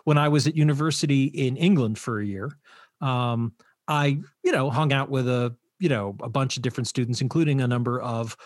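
A man's voice: medium pitch, fairly quick, dry recording, studio quality. An American man in his fifties chatting casually and telling anecdotes, with frequent "you know". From United States.

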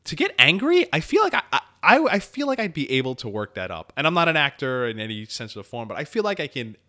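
Talking fast in a mid-range voice, a podcast co-host breaks down a TV episode in casual chat. He's animated and rambling, swearing freely throughout.

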